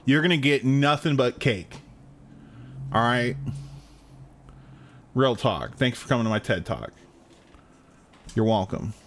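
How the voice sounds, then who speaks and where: A man's voice: mid-range voice, lively intonation, slow pace, pauses often, slight background noise. A young man streaming a game, riffing with chat in crude, slangy jokes. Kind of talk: casual gameplay chat.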